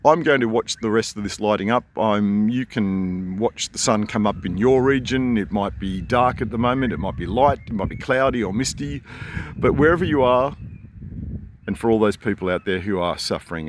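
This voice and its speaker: A man's voice: fairly low pitch, a little fast, hardly any pauses, a little hiss or hum. An Australian man talking to camera outdoors on a seashore at sunrise, rambling and chatty, with a rising inflection at the ends of his sentences. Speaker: vlogger. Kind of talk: casual to-camera vlog. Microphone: handheld camera.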